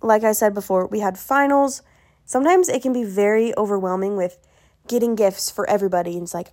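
A woman's voice: mid-range voice, brisk, darkish tone. A bubbly young woman hosts her own podcast, chatting alone to her listeners. Her talk is casual and self-mocking, and she jokes at her own expense as she goes. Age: young adult. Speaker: podcast host. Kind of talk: casual solo podcast chat.

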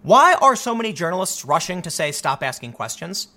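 Man, bright tense voice, animated, repeats himself, casual commentary. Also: sits high, a little fast. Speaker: commentary host.

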